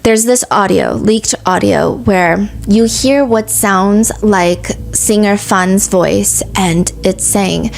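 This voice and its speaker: Brisk woman hosting a true-crime chat. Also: medium pitch, creaky, soft background music. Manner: brisk and earnest, full of questions. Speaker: podcast host. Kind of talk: casual true-crime storytelling.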